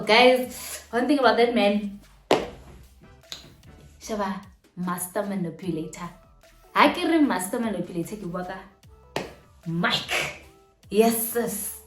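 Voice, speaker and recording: A South African woman in her twenties telling a story from her own life in a chatty, animated vlog, mixing slang and local phrases into her talk. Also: medium pitch. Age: 20s. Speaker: vlogger. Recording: roomy room with faint music behind.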